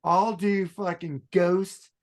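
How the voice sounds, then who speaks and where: High-pitched gravelly man, outspoken. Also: fairly even intonation, slow pace. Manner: outspoken and opinionated, laughs often. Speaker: podcast co-host. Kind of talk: casual chat about music.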